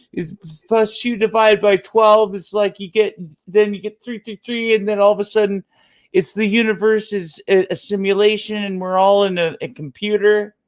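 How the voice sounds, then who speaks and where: A man putting on a high, rambling voice to mock a numbers-obsessed man who thinks the world is a simulation. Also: smooth. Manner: rambling, muddled number talk.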